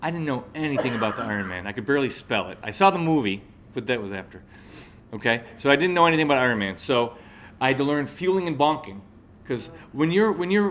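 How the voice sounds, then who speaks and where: With a medium-pitched voice over slight background noise, a man in his forties gives a live motivational talk. He recounts a personal story and keeps checking in with those listening.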